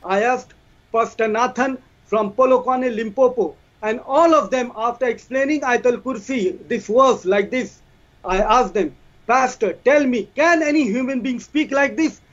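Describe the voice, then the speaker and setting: A man argues his case in a debate, recites scripture in Arabic and keeps asking rhetorical questions. His voice sits very high. The stream audio is dull and lo-fi. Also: measured pace, a bit bright. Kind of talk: debate presentation.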